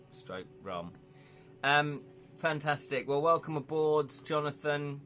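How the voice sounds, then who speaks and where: A man's voice: on the high side, expressive, slow pace, fairly bright tone, faint music behind. A man chatting casually on a live stream, rambling a little and reading out viewer comments, from the United Kingdom. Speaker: streamer and illustrator.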